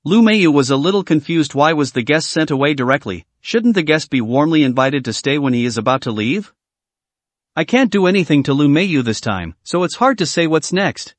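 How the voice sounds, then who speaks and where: A man narrating a translated fantasy novel as an audiobook, in an even, steady storytelling manner. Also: fairly high pitch, normal speed, no echo.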